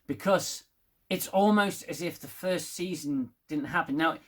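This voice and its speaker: A man's voice: fairly high pitch, a little slow, fairly bright tone. Rambling man reviewing TV. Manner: rambling, swears, gets worked up. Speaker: TV review vlogger. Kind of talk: casual spoken review.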